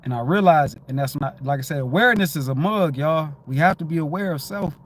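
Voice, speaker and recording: A man talking casually on a livestream, telling a story in a lively way, repeating himself and swearing freely. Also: fairly high pitch, fairly quick, slight background noise. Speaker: livestream host. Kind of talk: casual spiritual livestream talk.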